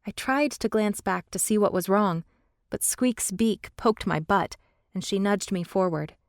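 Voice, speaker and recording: A woman narrating a fantasy audiobook in the first person, steady and measured, on a close studio mic. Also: medium pitch, no echo.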